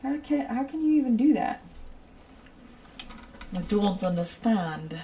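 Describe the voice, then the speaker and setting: A woman's voice: on the high side, big pitch swings, a little slow, dark tone, recorded from a distance, a little hiss or hum. A woman streaming a building game, rambling and giggling as she chats with her viewers. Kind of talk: casual chat while playing a building game.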